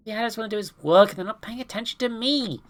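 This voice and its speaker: A bored, foot-stamping young girl whines in a game, as a woman voices her. The voice is pitched up high and sulky. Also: quick pace, natural voice. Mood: whiny. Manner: whiny, complaining.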